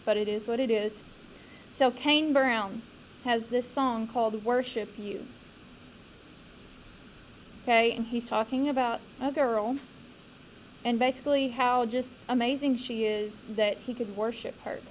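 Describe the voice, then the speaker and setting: Woman teacher going over a poem with her class, slow, pretty high voice, bit of room hiss. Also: fairly even intonation, rough recording. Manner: slow, questioning, emphatic. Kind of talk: classroom poetry discussion.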